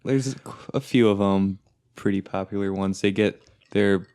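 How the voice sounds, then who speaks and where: Low-voiced, relaxed young man. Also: measured pace, smooth, no room sound. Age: young adult. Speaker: podcast co-host. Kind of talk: casual chat.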